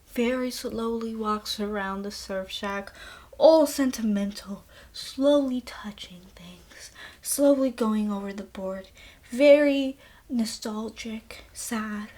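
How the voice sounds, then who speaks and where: A woman host casually recapping a film in a chatty, playful way, with bursts of mock outrage. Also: medium pitch. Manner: chatty, playful, breaks into laughs. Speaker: podcast host.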